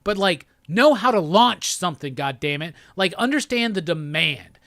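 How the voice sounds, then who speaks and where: A man's voice: high voice, animated, moderate pace, a bit bright, no echo, clean studio sound. A man hosting a live pop-culture stream, ranting with lots of profanity and exasperation. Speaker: host.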